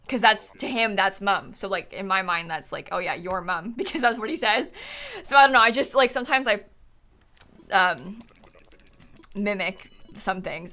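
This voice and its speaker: A woman in her twenties chatting casually on a live stream while gaming, animated and laughing often as she answers her chat. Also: mid-range voice. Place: home setup, lives in Florida.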